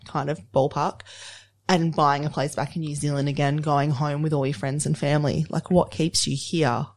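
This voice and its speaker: A woman hosting a podcast interview, chatty and playful, given to teasing her guest. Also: deep voice. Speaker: podcast host.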